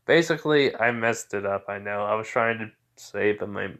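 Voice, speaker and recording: A man's voice: on the low side, normal speed, a bit bright. A tired man improvising a fan fiction story aloud, rambling with lots of fillers and occasional stutters.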